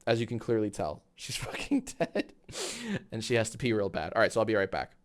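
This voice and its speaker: Casual swearing man streamer rambling. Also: fairly quick. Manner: rambling, casual, swears freely, talks to his dog in a high baby voice. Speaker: livestream host. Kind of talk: casual live-stream chat.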